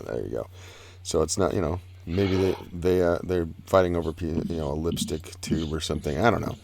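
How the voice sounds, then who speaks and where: A man hosting a casual live-stream art show, talking in a halting, rambling, laid-back way. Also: sits low, darkish tone. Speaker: host.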